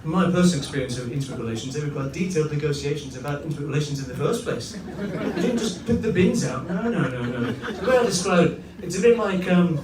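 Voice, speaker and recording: A man performs stand-up comedy in a pompous, mock-posh manner. He is picked up from a distance in an echoey club. Audience noise is clearly heard behind him. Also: on the high side, animated, fast, hardly any pauses. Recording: roomy live venue from afar with audience noise.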